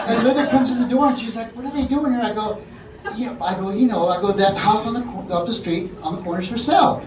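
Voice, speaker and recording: A man's voice: high-pitched, brisk, a crowd in the background. A man giving a roast speech at a party, telling a long comic story and often laughing as he acts out the people in it. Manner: laughing often while telling a long anecdote, acting out voices. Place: party room with a crowd. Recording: echoey party room, far from mic, loud noise.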